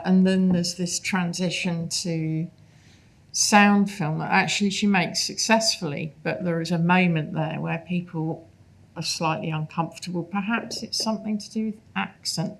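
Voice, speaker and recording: Gravelly-voiced woman moderating a panel. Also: on the low side, steady tone, normal speed. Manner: thoughtful, searching, with fillers. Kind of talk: live panel Q&A. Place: cinema stage.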